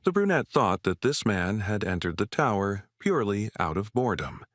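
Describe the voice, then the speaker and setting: Male recap narrator, low register, steady scripted delivery, dry booth sound. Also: moderate pace, dry recording.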